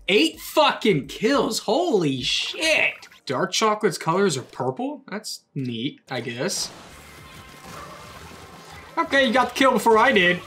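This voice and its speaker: A young man giving loud, excitable gameplay commentary, swearing and trash-talking his opponents. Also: sits high, takes it slowly, over loud music. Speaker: gaming YouTuber.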